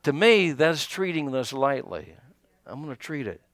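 A man pastor preaching a sermon, animated, calling out to his congregation and acting out little asides. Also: on the high side, normal speed, dry recording.

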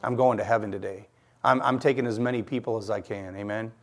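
A man, a travelling guest preacher, telling a personal testimony in a sermon, dropping to a hush and then rising loud and excited. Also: lowish voice, fast talker. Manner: animated storytelling, swings from quiet to loud.

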